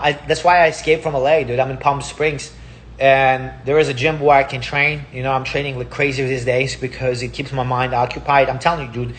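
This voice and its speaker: A man's voice: medium pitch, slight background noise. A man with Russian as his first language, giving a heated, profane casual monologue and repeating himself. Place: Palm Springs.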